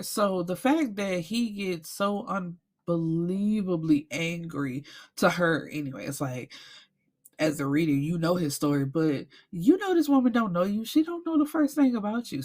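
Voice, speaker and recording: Lively woman recapping a book. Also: mid-range voice. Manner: animated storytelling, acts out characters, swears freely. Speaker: book reviewer.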